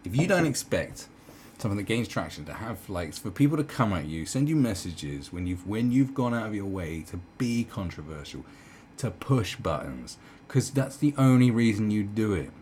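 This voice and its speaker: A man's voice: on the low side, very animated, normal speed, a little mellow, a little hiss or hum. A man delivering a heated, profane commentary rant, full of stumbles and restarts. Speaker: commentary vlogger. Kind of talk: ranting commentary.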